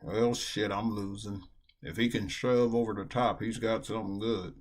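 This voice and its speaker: A man's voice: on the low side, steady tone, moderate pace, slight background noise. A man streaming online poker, talking casually and venting with a lot of swearing. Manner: profane, venting. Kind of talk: casual live-stream commentary while playing. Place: at a computer, indoors.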